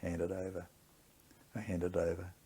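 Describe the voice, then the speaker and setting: Older Aussie veteran, husky and deep, gritty plain storyteller for an oral history interview. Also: male voice, monotone, moderate pace, mellow. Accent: Australian. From Australia.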